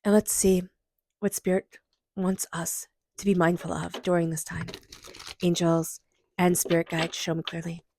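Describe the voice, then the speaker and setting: A woman giving an intuitive tarot reading and leading a guided meditation, speaking softly and gently, at times dropping into a whisper. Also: fairly low pitch, level tone, measured pace, pauses often, slight background noise. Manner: soft, gentle, drifts into whispers. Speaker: tarot reader.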